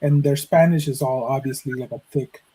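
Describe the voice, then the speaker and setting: A man in his thirties, originally from Mexico, hosting a podcast and telling a personal story in a casual, profane, animated way. He acts out the dialogue he quotes. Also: medium pitch, moderate pace, slightly rough, low-quality recording. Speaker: podcast host.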